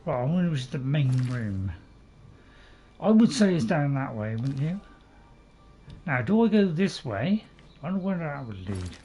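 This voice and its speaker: A man's voice: medium pitch, sing-song, normal speed, long pauses, dark tone, soft background music. Man, gaming host, casual commentary, rambling, talks to chat. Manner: rambling, self-admitted waffler; chatty, talks to viewers in chat. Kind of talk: casual let's-play commentary.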